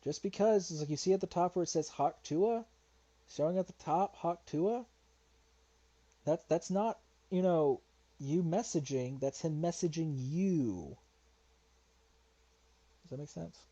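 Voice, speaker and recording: A man's voice: a little high, animated, a little slow, pauses often, warm tone, muffled recording. A man streaming a response video, talking casually and rambling, getting frustrated, swearing and muttering to himself while he searches. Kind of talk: casual livestream commentary.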